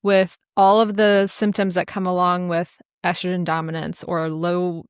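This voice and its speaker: A woman's voice: lowish voice, level tone, moderate pace, clean tone, dry recording, studio quality. A woman co-hosting a casual podcast chat, explaining her views earnestly. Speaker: podcast co-host.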